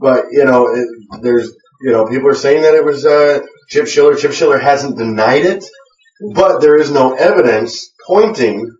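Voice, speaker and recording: A man's voice: mid-range voice, moderate pace, a little mellow. Man chatting casually in an echoey room. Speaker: co-host of a web wrestling show. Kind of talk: casual chat with hesitant fillers. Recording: echoey room, distant lo-fi mic.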